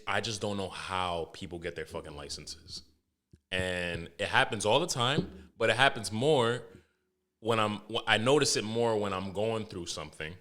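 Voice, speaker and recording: Low-voiced man ranting casually on a podcast. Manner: animated storytelling, heavy swearing, frequent restarts. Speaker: podcast host.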